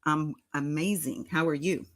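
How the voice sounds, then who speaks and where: A woman's voice: sits low, steady tone, moderate pace, poor audio. A woman hosting a casual live stream in a sing-songy voice, greeting her chat members by name. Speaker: livestream host.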